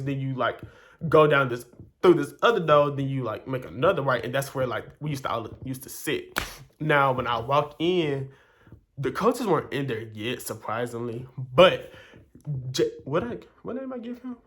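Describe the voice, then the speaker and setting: A man's voice: medium pitch, animated, normal speed, a bit bright. A young man vlogging, telling a long personal story in a chatty way, full of fillers and acted-out quotes. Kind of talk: casual storytelling.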